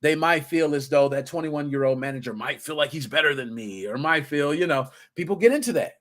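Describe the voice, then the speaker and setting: Animated man in his thirties telling stories. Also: a little high, fairly quick. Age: 30s. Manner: animated storytelling, slangy, acts out quotes. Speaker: podcast host. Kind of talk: casual solo podcast talk.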